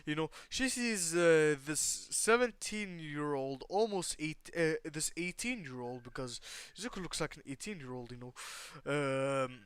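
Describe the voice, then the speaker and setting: A man's voice: on the high side, animated, a little slow, hardly any pauses, fairly bright tone, clear, resonant tone, no room sound. A man improvising a story in a loose, rambling way, full of fillers and restarts, talking to his viewers.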